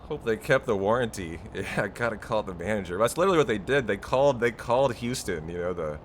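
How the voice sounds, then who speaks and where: A man's voice: on the low side, animated, fast, fairly bright tone, slight background noise. A man chatting casually with his viewers while speedrunning a game live, rambling and laughing often. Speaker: speedrunner streamer. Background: game music.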